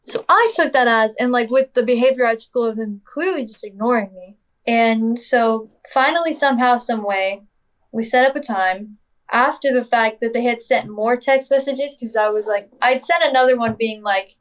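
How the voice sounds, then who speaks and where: A woman's voice: on the high side, moderate pace. A young woman telling a personal story in a casual, chatty way, full of "like" and "literally", acting out what people said. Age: young adult. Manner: acts out quoted dialogue.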